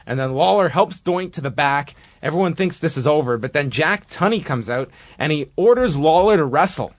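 Chatty man recapping, slightly high voice. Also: normal speed, dry recording. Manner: chatty recapping, animated when acting out moments. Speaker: podcast co-host recapping wrestling. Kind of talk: casual chat. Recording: dull dry lo-fi audio.

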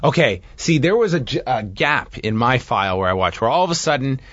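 A man's voice: medium pitch, sing-song, brisk, fairly bright tone, no echo, muffled recording. A man co-hosting a casual chat, throwing in dry, sarcastic quips. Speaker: podcast co-host reviewing a film.

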